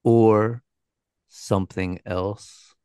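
A man co-hosting a podcast, narrating a scripted story in a measured, dramatic way, with a dry aside. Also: on the low side, steady tone, dark tone, clear, resonant tone, no echo. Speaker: co-host.

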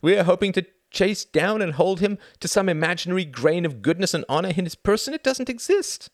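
A man's voice: high-pitched, expressive, brisk, dry recording, studio quality, voice pushed up. A man reading the part of a weary, cynical older aristocratic diplomat with a sardonic drawl.

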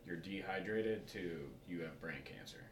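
A man's voice: low voice, moderate pace. Joking man on an echoey podcast. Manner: crude, joking banter. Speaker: podcast co-host. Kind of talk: casual chat. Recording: echoey room with background noise.

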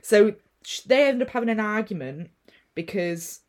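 A young woman co-hosting a casual film-review chat, telling the plot in a sweary, animated way and acting out the characters' lines. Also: mid-range voice, moderate pace. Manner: sweary, animated storytelling with acted-out quotes. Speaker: podcast co-host.

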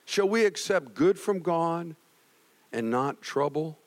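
A man's voice: fairly high pitch, animated, slow pace, long reverb tail. A male preacher voicing Job as a kind but firm husband correcting his wife.

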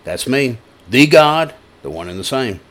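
A man voicing God as a calm, dry-humored presence from above, speaking low, soft and slow. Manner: calm, slow and unhurried, gently wry.

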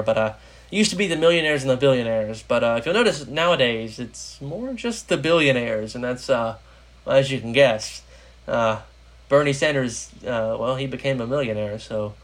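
Rambling young American man hosting. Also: medium pitch. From United States. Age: young adult. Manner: rambling, heavy with "uh" and "um" fillers. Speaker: podcast host. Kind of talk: casual political podcast chat.

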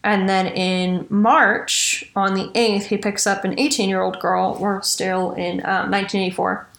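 A woman's voice: medium pitch, level tone, a little slow, creaky, a bit bright, echoey room. A woman hosting a casual true-crime podcast, chatty and swearing casually. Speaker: podcast host.

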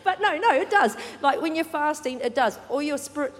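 A woman preaches a sermon with a bright, high voice. She talks in a chatty, animated way, slipping in jokes. Her voice rings with the long reverb of a large church hall. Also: brisk. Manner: chatty and animated, laughing, joking asides. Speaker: pastor.

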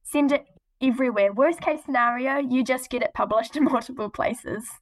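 A woman's voice: sits high, moderate pace. A teenage girl, a guest on a podcast, who answers politely and earnestly and giggles between points. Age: teens. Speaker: guest, young poet. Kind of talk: casual interview chat.

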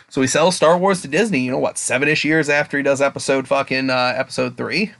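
A man's voice: fairly high pitch, lively intonation, quick pace, vocal fry, few pauses, a bit bright. A young man co-hosting a podcast, talking in a casual, profane, rambling way. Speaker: podcast co-host.

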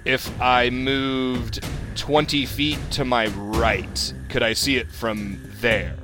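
A man's voice: mid-range voice, steady tone, slow, over music. A man playing a tabletop game, chatty and casually swearing as he plans his moves. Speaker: player.

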